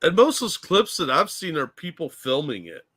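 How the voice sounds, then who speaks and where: Blunt, mocking man with a bright voice. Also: a little high, huge pitch swings, moderate pace, dry recording. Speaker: co-host. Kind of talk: casual political chat.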